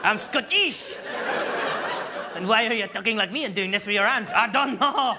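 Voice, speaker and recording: A man's voice: sits high, moderate pace, very noisy, voice pushed up, lightly acted. A man putting on himself as a flustered Scotsman who slips into a fake French accent. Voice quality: flustered and defensive. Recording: live stage recording, loud ambience.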